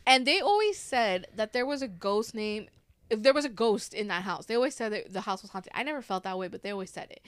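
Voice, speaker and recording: A woman's voice: mid-range voice, expressive, fast talker, clear, resonant tone. A woman in her thirties telling a story in casual chat. She swears freely and acts out the voices of the people in it. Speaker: podcast host.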